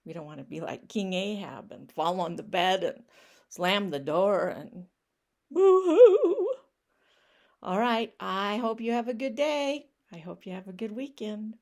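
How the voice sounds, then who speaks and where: A woman reading a picture book aloud to children, gently asking them questions and explaining. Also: medium pitch, moderate pace, vocal fry. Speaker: children's story reader.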